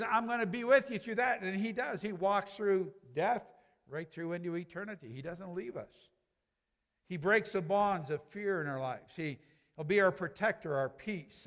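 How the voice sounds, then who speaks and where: A high-pitched man delivers an earnest sermon, repeating his phrases for emphasis. He slows down to read scripture aloud. His voice rings with the long reverb of a church hall. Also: fairly bright tone. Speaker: preacher.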